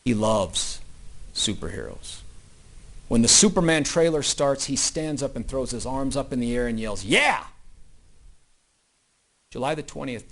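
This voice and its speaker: Man delivering a courtroom opening statement. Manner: storytelling, swinging between loud emphatic bursts and low quiet asides. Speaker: prosecutor.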